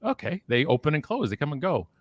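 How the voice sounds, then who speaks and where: A man in his forties on a video call, telling stories in a casual, animated way that often slides into a rant. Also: fairly high pitch, quick pace, no echo. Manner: animated ranting storyteller. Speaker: guest. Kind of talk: casual chat on a live stream.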